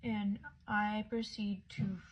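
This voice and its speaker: A woman's voice: medium pitch, flat delivery, takes it slowly. A woman casually recounting her own experience as a patient, talking in a chatty way full of filler words. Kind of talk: casual personal storytelling. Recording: dull lo-fi with faint background noise.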